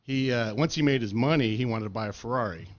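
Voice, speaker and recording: A man telling stories in casual chat, animated and laughing, acting out what others said and often saying dude and man. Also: medium pitch, fast. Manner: animated storyteller, says dude and man a lot, laughs, acts out quotes. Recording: dull lo-fi sound.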